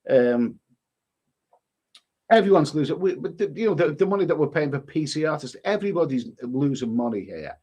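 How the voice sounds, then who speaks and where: A man's voice: on the high side, sing-song, moderate pace, darkish tone. A man hosting a travel live stream, reading viewer comments aloud and rambling in an exasperated way. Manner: rambling, exasperated, swears mildly.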